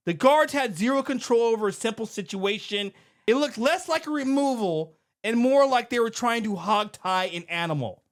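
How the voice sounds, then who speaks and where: A middle-aged man who owns a security company, talking through an incident in a casual, conversational podcast manner. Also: high voice. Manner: animated, conversational, repeats himself. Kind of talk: commentary podcast.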